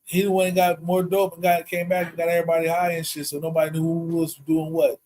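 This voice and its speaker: A man tells a story on a casual podcast, swearing freely and laughing as he goes. His voice sits a little high for a man. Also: fast talker, rough recording. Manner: profane, animated, laughs often.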